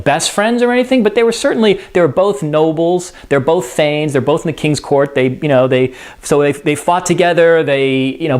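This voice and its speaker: Guy explaining a play summary, chatty, lots of you knows. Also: a little high. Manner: conversational, animated retelling with filler words. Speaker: teacher. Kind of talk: casual explanatory lesson.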